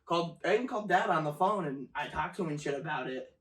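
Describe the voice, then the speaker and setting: A man's voice: a little high, quick pace. A young man telling work stories in casual chat, swearing often and laughing as he goes. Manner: profane, animated storytelling with laughter. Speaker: storyteller guest. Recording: echoey room, mic at a distance.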